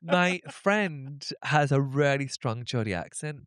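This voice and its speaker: A British man chatting casually as a podcast guest, gossipy and quick to laugh at himself. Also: medium pitch, lively intonation, fairly bright tone, clear, resonant tone, no room sound, studio quality. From Britain. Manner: chatty, gossipy, self-deprecating. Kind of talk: casual chat.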